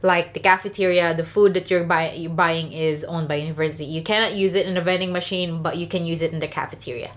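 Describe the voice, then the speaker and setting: A woman's voice: fairly low pitch, fairly even intonation, fast, hardly any pauses. Chatty young Filipino woman vlogger. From Philippines. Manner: chatty, candid, full of "like". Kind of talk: storytime vlog.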